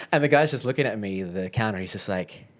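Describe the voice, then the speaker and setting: A podcast guest with an Australian accent tells a personal story chattily and candidly in a fairly low voice, with lively intonation at a normal speed. He often quotes his own thoughts and laughs along the way.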